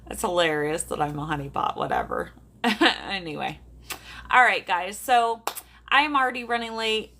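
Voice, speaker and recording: A woman's voice: medium pitch, big pitch swings, moderate pace, gravelly, bright, forceful tone, slight background noise. A woman from South Dakota, a medium, chatting casually with viewers on a livestream from her bedroom, laughing often. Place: bedroom at home. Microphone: phone or camera on a tripod.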